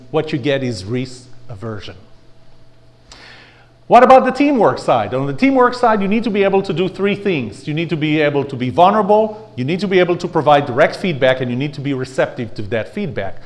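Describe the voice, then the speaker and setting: Animated male lecturer with lively pitch. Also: fairly quick. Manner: animated, has the audience repeat phrases; rhetorical questions, blunt. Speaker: leadership lecturer. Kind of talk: lecture to a live audience. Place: lecture room with audience.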